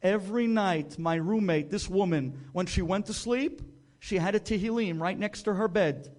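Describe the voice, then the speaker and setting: A gentle elderly mother living in a nursing home, as a man storyteller puts her on. She talks calmly and kindly in a fairly high voice. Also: normal speed, close to an everyday voice. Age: older.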